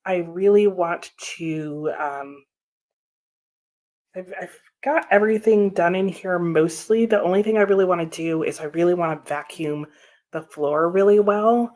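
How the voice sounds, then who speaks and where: A woman's voice: lowish voice, a little mellow. Chatty woman hosting a reading livestream. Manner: chatty, laughs often, reads viewer comments aloud. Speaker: livestream host. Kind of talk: casual live-stream chat.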